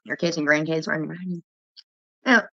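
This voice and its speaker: A woman's voice: low-pitched, fairly even intonation, fairly quick, pushed and bright, dry recording. A woman vlogger telling heated, profane stories in casual livestream chat, with dull lo-fi audio.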